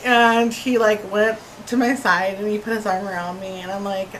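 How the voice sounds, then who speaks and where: A young woman eagerly telling a casual story, animated and laughing as she goes. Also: medium pitch, moderate pace, hardly any pauses, a little hiss or hum, poor audio. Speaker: concert-goer. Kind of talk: casual chat.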